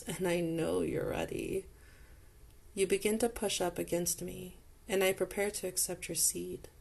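Slow, husky-toned woman narrating intimately. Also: on the low side, darkish tone. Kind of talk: second-person intimate audio role-play narration.

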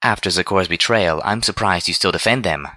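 A man reading a storybook voices a refined, proud unicorn mare who speaks in a prim, measured way. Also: sits low, sharp tone, no room sound. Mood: stubborn.

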